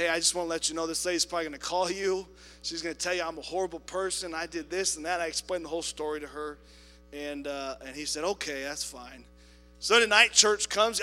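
A man preaching a sermon in a church, telling a story with quoted voices and swinging between loud appeals and soft asides. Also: sits high, in a large hall. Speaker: pastor. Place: church sanctuary.

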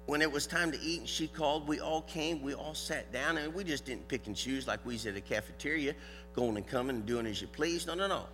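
An older man with a Southern US accent preaching a folksy, animated sermon to a church audience. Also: medium pitch, brisk, long reverb tail, soft background music, poor audio. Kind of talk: sermon with a live dog demonstration.

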